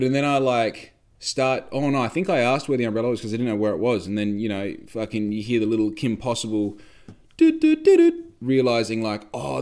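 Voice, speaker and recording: A man's voice: medium pitch, a little mellow. A young Australian man telling a rambling story in casual chat, swearing freely and acting out the voices of the people he quotes.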